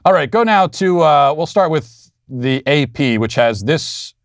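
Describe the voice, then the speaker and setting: A man's voice: on the high side, lively intonation, a little slow, no room sound, clean studio sound. A man in his thirties hosting an opinion podcast, talking in a defiant, sarcastic and emphatic way. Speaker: podcast host. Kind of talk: opinion commentary monologue.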